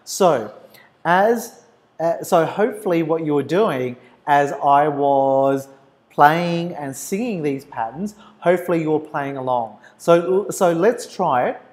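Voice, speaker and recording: A man's voice: on the high side, takes it slowly, a little mellow. A man giving a recorded university lecture, explaining step by step and chanting rhythm syllables.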